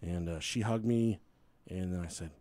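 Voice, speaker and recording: A man hosting a podcast, telling a crude, animated story casually with frequent laughter. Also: low voice, moderate pace. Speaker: podcast host.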